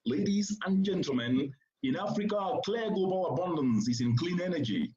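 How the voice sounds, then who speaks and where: A man gives a formal keynote address to a seated audience at a conference venue, oratorical and emphatic, repeating points for stress. His high-pitched, animated voice is a little mellow at normal speed, with slight background noise and a roomy, slightly dull sound.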